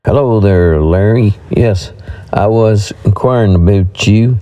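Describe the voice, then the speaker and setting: A man's voice: lowish voice, takes it slowly, mellow. A man doing a blunt Texan sheriff. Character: hard, cruel male Texan sheriff.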